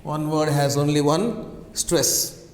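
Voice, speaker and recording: A male teacher with a high voice lectures slowly and deliberately, going over each point again and tagging it with "right?" His voice rings in an echoey room with a long reverb tail. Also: steady tone, a little hiss or hum. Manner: repeats key phrases, checks with "right?". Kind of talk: classroom lecture.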